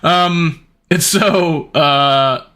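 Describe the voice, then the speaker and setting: A middle-aged man chatting casually on his stream, telling stories in an animated, rambling way. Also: very slow, smooth. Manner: animated, rambling storytelling with big pitch jumps and laughs.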